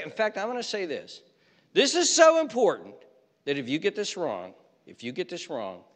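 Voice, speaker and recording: A man preaching a sermon, stressing his points firmly and slowing right down when he reads scripture. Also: a little high, fairly bright tone, big-room sound. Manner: emphatic, slows down hard on scripture quotes. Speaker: pastor. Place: church.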